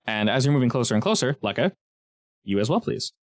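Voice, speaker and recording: Lively man narrating as game master. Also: mid-range voice, fast talker. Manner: lively, chatty narration with many restarts.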